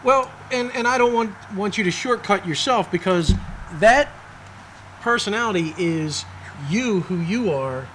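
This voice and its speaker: High, lively man hosting an interview. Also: a little slow, a little hiss or hum. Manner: supportive, chimes in with short agreements. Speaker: interview host. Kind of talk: casual interview.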